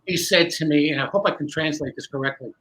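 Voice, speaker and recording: A man telling a long anecdote in a casual interview, lively and acting out the people in his story. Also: on the high side, fast, low-quality recording. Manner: animated, acts out dialogue. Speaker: guest magician.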